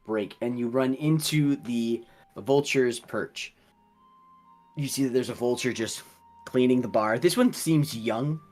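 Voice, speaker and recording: Slow, husky-voiced male game master. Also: mid-range voice. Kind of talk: narrating a tabletop game.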